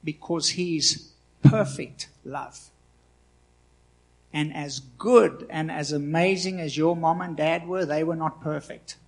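Husky man in his forties preaching. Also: on the high side. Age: 40s. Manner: impassioned preaching with swings from loud to quiet. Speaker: pastor. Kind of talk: sermon.

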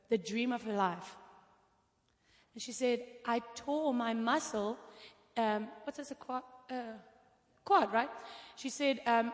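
Bright high-voiced woman preaching. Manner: animated storyteller, acts out voices. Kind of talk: sermon testimony. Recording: long hall reverb.

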